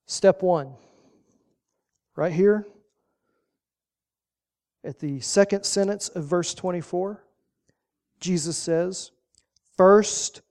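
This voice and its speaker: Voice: mid-range voice, mellow. A pastor preaching a sermon, folksy and emphatic, driving points home with short repeated commands.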